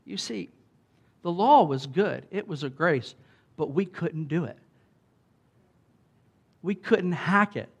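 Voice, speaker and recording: A man preaches with animated emphasis, his voice sitting on the high side for a man. He shifts between punchy lines and chatty asides to the room. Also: slow, vocal fry, long pauses, husky. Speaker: pastor. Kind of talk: sermon.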